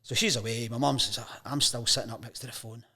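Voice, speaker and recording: A sports journalist from Scotland, somewhere in his fifties, guests on a chat show and relates lively stories, mimicking the people he quotes. He speaks at a quick pace in a mid-range voice with a breathy edge.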